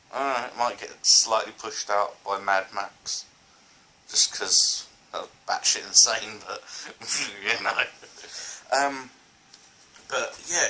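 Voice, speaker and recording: A man's voice: fairly low pitch, sharp tone, slight background noise, poor audio. A man reviewing films in a casual vlog, rambling and enthusiastic, full of fillers and restarts. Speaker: film reviewer.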